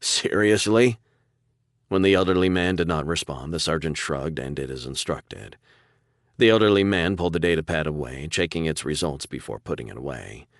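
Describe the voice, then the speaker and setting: A man narrating an audiobook in a steady, deliberate storytelling manner. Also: very deep voice, dry recording, studio quality. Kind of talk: scripted narration.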